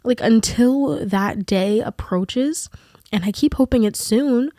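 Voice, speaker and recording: A woman's voice: on the high side, takes it slowly, dark tone, no echo, studio quality. Candid young woman rambling emotionally. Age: young adult. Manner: candid, rambling, filler-heavy. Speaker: vlogger. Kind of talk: confessional vlog.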